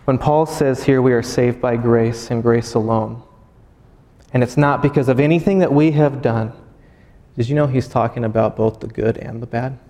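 A man's voice: mid-range voice, normal speed, mellow. A man in his thirties giving a sermon, earnest and personal, often restarting his phrases. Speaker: pastor. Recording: hall with long reverb.

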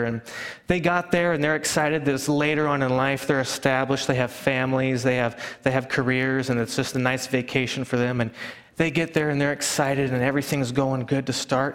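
A man preaching a sermon, telling stories and acting out hushed family chatter. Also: medium pitch. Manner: animated storyteller, acts out hushing relatives. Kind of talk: sermon with storytelling. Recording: long hall reverb.

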